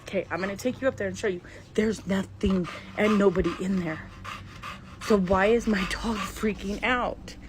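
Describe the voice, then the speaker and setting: A middle-aged woman filming her own house on a phone, whispering in fright and breaking into breathless exclamations and swearing. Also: mid-range voice. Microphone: phone camera. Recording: noisy phone video audio.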